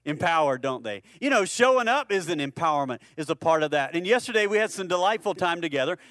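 A man's voice: a little high, expressive, quick pace, a bit bright, no room sound, studio quality. A man preaching a sermon in a conversational way, asking the congregation questions and often repeating words as he restarts. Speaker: pastor.

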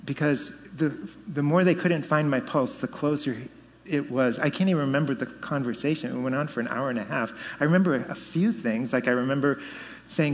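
A man in his fifties giving a personal faith testimony, telling it with animated storytelling and rising emphasis. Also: mid-range voice, fairly quick. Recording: long hall reverb.

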